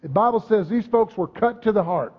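A man's voice: high-pitched, a little fast, breathy edge. A man preaching a sermon, emphatic, often asking the congregation "amen?" and "right?". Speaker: pastor. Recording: dull muffled sound with long hall reverb.

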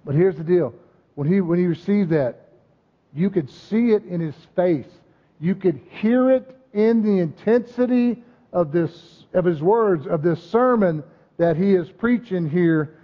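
A man's voice: high voice, expressive, measured pace. A man preaching a sermon, emphatic, often asking the congregation "amen?" and "right?". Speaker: pastor. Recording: dull muffled sound with long hall reverb.

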